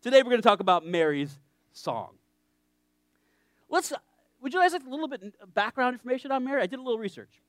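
A man's voice: very high-pitched, big pitch swings, fast, long pauses, no echo. A man preaching a sermon in a conversational, joking way, often checking in with his listeners.

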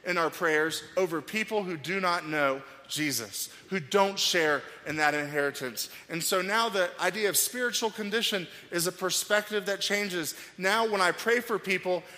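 A man's voice: high voice, normal speed, hardly any pauses. A middle-aged man preaching a sermon as pastor, telling stories and acting out quoted voices. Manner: animated storytelling, acts out quoted voices. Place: church sanctuary. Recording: long hall reverb with faint music.

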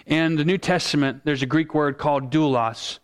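A male pastor preaching a sermon in an earnest, emphatic way, slowing down to stress key words. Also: on the high side, steady tone, clean tone.

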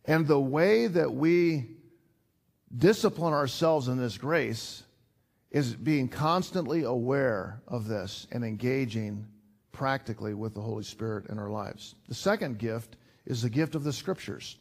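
A middle-aged man preaching a sermon in an earnest, conversational way, pausing and repeating himself as he explains. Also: mid-range voice, vocal fry. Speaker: pastor.

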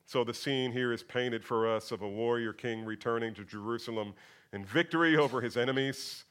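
A male pastor preaching a sermon, dropping to a hush and then booming out scripture, addressing his listeners as beloved. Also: brisk, smooth. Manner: swings from hushed to booming when reciting scripture.

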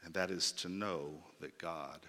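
A man preaching a sermon, emphatic, swinging from loud declarations to hushed asides and asking rhetorical questions. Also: sits low, steady tone, a little slow, in a large hall.

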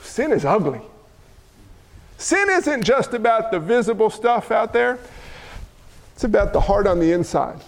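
Impassioned preacher, man, very high voice, ringing hall reverb on every line. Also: very animated, unhurried, vocal fry, long pauses. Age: adult father of young children. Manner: impassioned, builds to emphatic outbursts. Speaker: pastor. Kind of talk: sermon. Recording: long reverb of a large hall.

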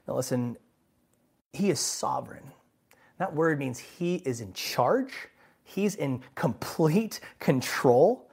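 A man's voice: medium pitch, unhurried, husky. A male pastor preaching a sermon in a conversational, emphatic way, often checking in with the congregation. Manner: animated and emphatic, swinging from quiet asides to loud bursts; conversational, asks the congregation "right?".

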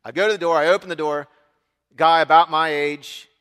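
A middle-aged man preaching, telling a story in an animated way and acting out the other voices. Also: on the high side, fairly quick, clean tone. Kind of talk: storytelling sermon. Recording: long hall reverb.

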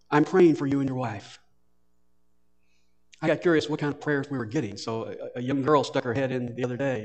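A man's voice: mid-range voice, long reverb tail. A man preaching a sermon as pastor, emphatic, repeating phrases for weight.

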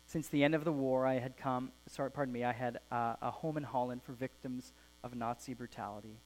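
Male pastor, mid-pitched, earnest sermon delivery with soft phrase endings, faint mains hum. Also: steady tone, brisk, poor audio. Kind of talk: sermon with a read-aloud story. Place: church.

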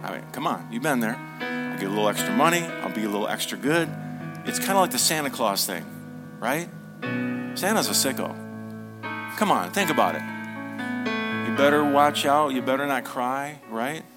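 A man preaching a sermon as a pastor. He asks the congregation questions, repeats them, and drops to a hushed tone for tender points. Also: medium pitch, very animated, brisk, long pauses, over loud music.

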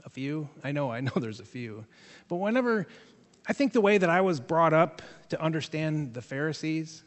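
A man delivers a sermon in an easy, conversational way, joking with the congregation as he goes. His voice sits a little high for a man. The sound carries the long reverb of a large church sanctuary. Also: moderate pace. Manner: conversational, animated, jokey asides to the congregation. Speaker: pastor.

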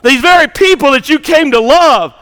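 A man's voice: extremely high pitch, normal speed, a bit bright, voice pushed up. A male preacher voicing a scornful male devil figure who goads and taunts insistently. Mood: taunting. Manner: goading, insistent.

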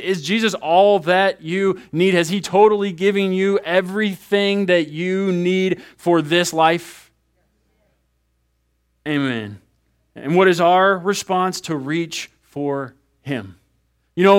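High, smooth-voiced man preaching. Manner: animated, conversational preaching with acted asides. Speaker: pastor. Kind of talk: sermon.

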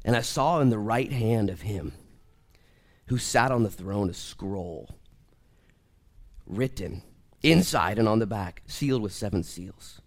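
A man preaching a church sermon, swinging from quiet, slow reading to near shouting, choking up with emotion as he reads scripture aloud. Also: lowish voice, lively intonation. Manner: emotional, close to tears while reading scripture. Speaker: pastor.

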